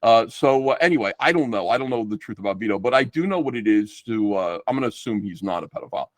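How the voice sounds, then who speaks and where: A middle-aged man rambles through a story with plenty of swearing. His pitch swings widely as he talks. The sound is dry and close, with almost no room. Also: fast talker, no echo. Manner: rambling, profane, animated storytelling. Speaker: guest comic book artist. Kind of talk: casual livestream chat.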